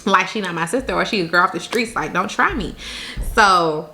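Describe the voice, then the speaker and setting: Bright-voiced woman telling a wild story. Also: lowish voice, brisk, slight background noise. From Jamaica. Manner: animated, laughs often, talks straight to viewers. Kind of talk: casual storytime.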